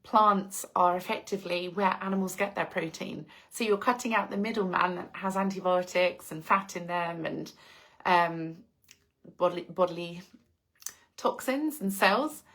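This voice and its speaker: Cheerful English woman hosting a live chat, gushing and warm with her viewers. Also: fairly low pitch, normal speed. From England. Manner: effusive, gushing, laughs often. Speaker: live-stream host reading viewer comments.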